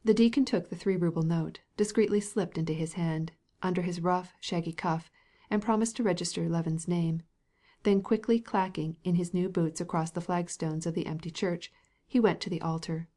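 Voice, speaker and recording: A woman narrating a classic novel in a measured, even audiobook reading. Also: fairly low pitch. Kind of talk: scripted narration.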